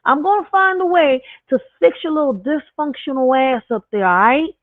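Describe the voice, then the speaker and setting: A man putting on a high squeaky voice that scolds his own brain with mock outrage. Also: normal speed, no echo. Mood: mock scolding. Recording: dry tinny phone-like sound.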